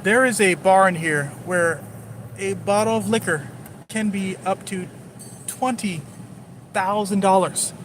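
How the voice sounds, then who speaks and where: A man with a high, fairly bright voice talks unhurriedly, pausing often, as he drives through city streets. He rambles and jokes nonstop to his live-stream chat viewers, with slight background noise behind him.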